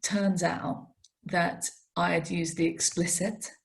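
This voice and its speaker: A woman, a racing TV presenter telling self-mocking, animated stories in an interview. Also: lowish voice, slow, vocal fry. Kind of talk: interview anecdotes.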